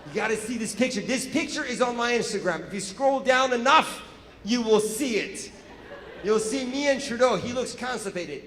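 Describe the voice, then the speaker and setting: A man from Iran doing stand-up storytelling on a live stage, animated and acting out the exchanges. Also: extremely high pitch, moderate pace, a crowd in the background. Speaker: stand-up comedian. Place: live stage in a large hall. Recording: echoey hall with loud ambience.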